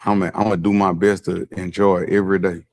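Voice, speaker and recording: A man's voice: low voice, level tone, a little fast, a little hiss or hum. A man speaking as a guest in a casual interview, laid-back, blunt and frank.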